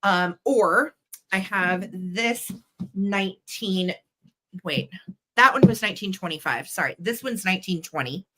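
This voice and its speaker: A woman's voice: mid-range voice, a little slow, pushed and bright. A woman in a mid-range voice hosting a live online vintage sale. She talks about each item in a chatty, enthusiastic way, with frequent filler ums. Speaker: host and vintage seller. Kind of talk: live online sales show.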